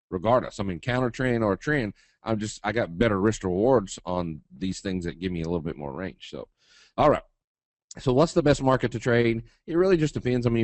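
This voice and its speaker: A man giving a trading webinar in a casual, blunt, folksy way, talking to his audience and acting out quick asides. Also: lowish voice, a little mellow, no echo.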